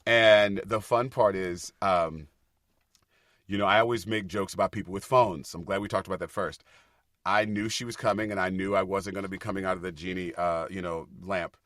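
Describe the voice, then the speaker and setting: A middle-aged man with a fairly low but bright, forceful voice tells backstage stories on a podcast. He is animated and gets loud and laughing when excited. The recording is close and dry. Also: normal speed, no echo. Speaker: guest, Broadway actor. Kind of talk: casual podcast storytelling.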